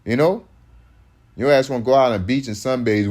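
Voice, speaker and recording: A man's voice: medium pitch, expressive, a little fast, a little mellow. A man, preaching in loose street talk that rambles, restarts often and hits points with emphasis.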